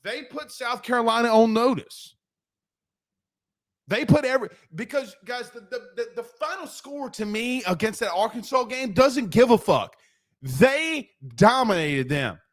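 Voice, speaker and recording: High-voiced brash sports talk host. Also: male voice, animated. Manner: brash, profane, rapid-fire ranting. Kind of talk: fired-up postgame sports rant.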